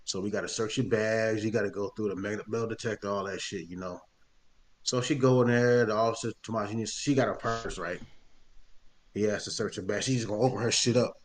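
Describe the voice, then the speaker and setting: A man telling a story in casual podcast chat, animated and profane, acting out the voices of the people in it. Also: lowish voice, a little fast.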